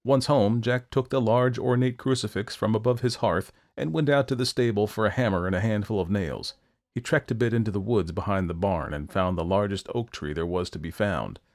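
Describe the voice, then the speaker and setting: A man narrating a folktale in a steady, expressive storytelling manner. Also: fairly low pitch, brisk.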